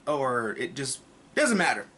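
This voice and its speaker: A man talks through a TV episode review in a loose, conversational vlog style. He rambles, swears freely and throws in jokey asides, and his voice sits at an ordinary middle pitch. A faint hiss runs under his speech. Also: very animated, a little slow, sharp tone. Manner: rambling and profane, with joking asides.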